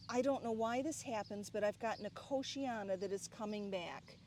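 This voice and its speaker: A woman giving a casual, chatty tour of her home garden, talking warmly and excitedly about her plants as she walks. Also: mid-range voice, moderate pace, slight background noise. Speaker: gardening vlogger.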